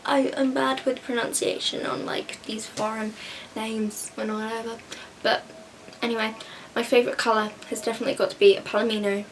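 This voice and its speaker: A teenage girl from England chats and rants through viewer questions, slipping into exaggerated impressions of other people. Her voice sits a little high, and she is picked up from a bit away from the mic with a faint hiss behind her. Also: recorded from a distance. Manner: chatty, ranting, exaggerated mimicry of others. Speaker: vlogger answering viewer questions. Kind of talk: casual chat.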